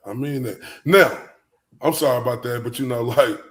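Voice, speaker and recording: A man's voice: mid-range voice, moderate pace, a bit bright. A man hosting a casual livestream, rambling in loose slang and often breaking into laughter. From Texas. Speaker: livestream show host.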